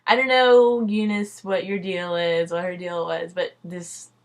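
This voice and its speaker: This young adult vlogger has a lowish voice with little pitch movement and speaks a little slowly. Her personal story comes out casual and loose, heavy on "like" and "dude," with free swearing.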